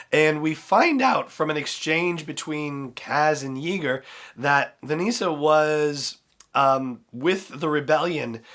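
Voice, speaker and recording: A man's voice: mid-range voice, fairly bright tone. A male podcast host talks through a throat cold. He retells the episode in a loose, conversational way, full of fillers and side remarks. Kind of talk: solo episode recap and commentary.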